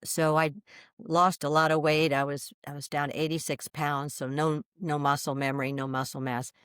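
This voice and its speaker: Animated older woman telling her story. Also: sits low, moderate pace, smooth, no echo, clean studio sound. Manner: animated, lively storyteller acting out quoted voices. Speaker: guest. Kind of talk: storytelling in an interview.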